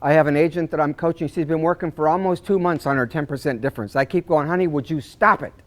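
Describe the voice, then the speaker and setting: A man giving a live seminar to real estate agents, acting out conversations with clients and clearing his throat often. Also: a little high, fast. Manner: animated, acts out client dialogues, frequent throat clearing. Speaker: real estate sales trainer.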